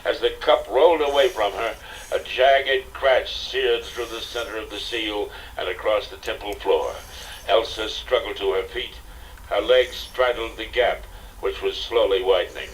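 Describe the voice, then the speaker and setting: An older man narrates an audiobook with a low voice and a steady, dramatic delivery. He sounds set back from the microphone. A faint tape hiss runs under his reading. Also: far from the mic, rough recording. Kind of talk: scripted narration.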